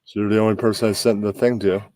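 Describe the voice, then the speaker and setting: Very deep-voiced man, dry close sound. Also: fast, no room sound. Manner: relaxed, rambling, talks to himself while setting up. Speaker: podcast host. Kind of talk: casual chat before a live stream.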